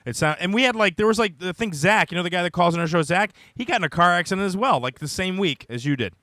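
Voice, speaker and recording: A man with an American accent hosting a comedy podcast, teasing a caller in fast, casual banter. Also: high voice, animated, pushed and bright, dry recording, studio quality. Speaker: podcast host. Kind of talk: casual chat.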